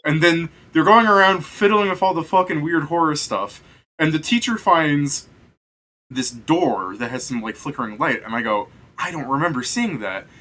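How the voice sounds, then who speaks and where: A young man with a bright, forward voice spins a rambling story during casual chat. He plays the game master, swears freely and laughs at his own tale. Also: a little high, normal speed.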